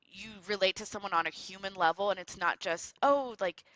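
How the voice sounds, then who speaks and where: A woman from Texas, a podcast guest, telling a personal story in an earnest, reflective way with quick run-on phrases. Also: medium pitch, steady tone, pushed and bright, no echo, low-quality recording.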